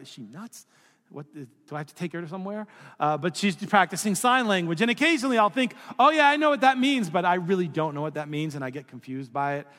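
A man's voice: fairly high pitch, a bit bright. A middle-aged man preaching a sermon as pastor, in a conversational, storytelling way with casual asides. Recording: long hall reverb.

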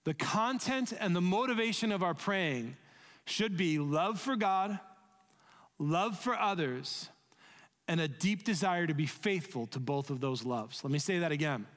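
Earnest pastor in a reverberant hall. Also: male voice, high-pitched, lively intonation, normal speed. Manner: earnest, conversational preaching, drops soft when leading prayer. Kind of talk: sermon. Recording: echoey hall, long reverb.

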